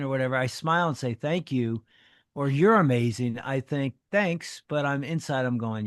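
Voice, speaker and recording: A man's voice: a little high, animated, moderate pace, dry recording, clean studio sound. A man who is a former pastor and radio co-host, talking casually and building up to emphatic exhortations. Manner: emphatic, rises to punchy exhortations. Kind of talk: casual chat with preacher-like emphasis.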